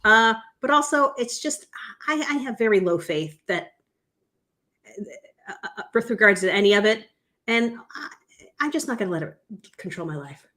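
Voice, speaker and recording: A woman's voice: a little high, lively intonation, normal speed, pushed and bright. A woman co-hosting a casual chat show, rambling and searching for words, laughing often. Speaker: podcast co-host.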